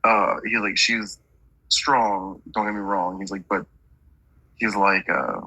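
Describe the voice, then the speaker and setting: A man's voice: sits low, steady tone, takes it slowly, pushed and bright, slightly rough, dry recording, low-quality recording. A man working as a medium, relaying messages in a chatty reading and stringing quotes together with "he's like".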